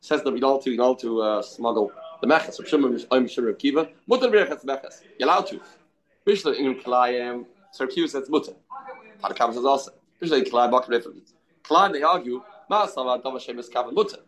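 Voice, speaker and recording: Mixing Hebrew and Aramaic terms into his English, a man teaches an informal Talmud class, reasoning out loud and responding to students. His voice is medium-pitched and a bit bright, and he talks at a quick pace.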